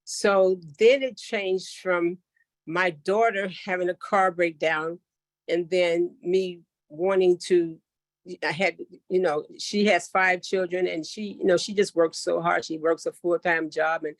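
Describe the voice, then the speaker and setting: A woman's voice: fairly low pitch, steady tone, measured pace, no echo, clean studio sound. A middle-aged woman giving an earnest, heartfelt testimonial on a call, with many fillers and restarts. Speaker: network marketing member sharing her story.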